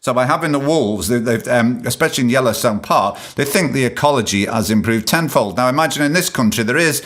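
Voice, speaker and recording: A man's voice: mid-range voice, expressive, quick pace, fairly bright tone. A man hosting a solo podcast, ranting sarcastically and swearing as he rambles between points. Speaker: podcast host.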